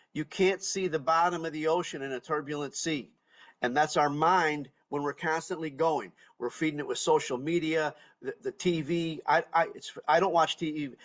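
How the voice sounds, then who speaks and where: Earnest man, higher voice. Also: fairly bright tone. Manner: repeats words and restarts often. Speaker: podcast host. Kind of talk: casual interview chat.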